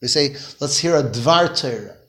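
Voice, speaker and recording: A man teaching a Torah lesson to a class, explaining slowly and putting questions to his students. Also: mid-range voice, animated, fairly bright tone.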